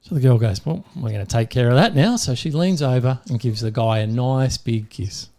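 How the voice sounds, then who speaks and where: An Australian man co-hosting a podcast, telling jokes in a relaxed chatty way and breaking into laughter as he goes. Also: medium pitch, normal speed. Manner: animated storyteller who laughs mid-joke. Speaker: podcast co-host. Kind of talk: casual joke-telling chat.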